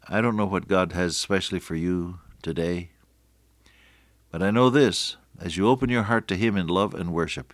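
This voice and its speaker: An older man preaching a radio sermon, earnest, often slowing and dropping to a near-whisper for emphasis. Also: sits low, dry recording.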